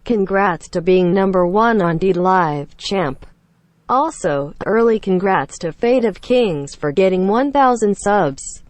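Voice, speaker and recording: A woman reads viewer messages aloud in an even, flat delivery. Her voice is dry, with no room sound, and her pitch is average for a woman. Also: slow, no echo. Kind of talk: read-out chat message.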